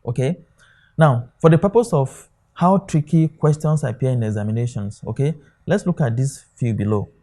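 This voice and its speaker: A man gives an exam lesson in a mellow, warm voice. He walks through examples on a board, stopping often to say "okay" and check that students follow. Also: mid-range voice, moderate pace. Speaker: exam tutor. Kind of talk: classroom lecture.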